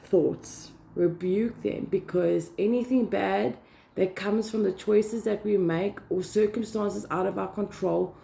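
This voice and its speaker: A woman's voice: medium pitch, steady tone, measured pace, gravelly, mellow, slight background noise. A woman giving a casual devotional talk, earnest and emphatic, repeating key words. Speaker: Christian vlogger.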